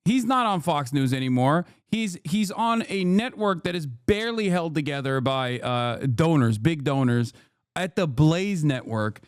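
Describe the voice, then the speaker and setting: A man streaming reaction commentary, animated and mocking, swearing and laughing often. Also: a little high, a little slow, clear, resonant tone, dry recording, studio quality.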